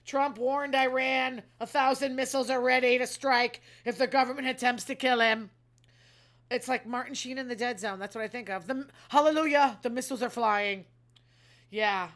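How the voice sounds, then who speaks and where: A woman's voice: high-pitched, fairly even intonation, a bit bright. A woman hosting her own show, reacting to news stories with casual, sarcastic commentary and frequent sighs; she calls herself emotional. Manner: sarcastic, quick to react and complain; sighs often between stories.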